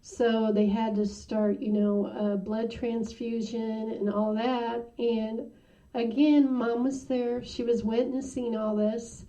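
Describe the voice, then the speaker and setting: A woman giving a personal testimony in an interview, halting and full of "you know" fillers. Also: on the high side, little pitch movement, warm tone. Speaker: interview guest. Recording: muffled sound from a distant mic.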